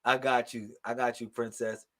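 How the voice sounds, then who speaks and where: A man hosting a casual live stream of psychic readings, talking loud and slangy, laughing and calling out to viewers. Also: mid-range voice, little pitch movement, moderate pace. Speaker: livestream host giving psychic readings.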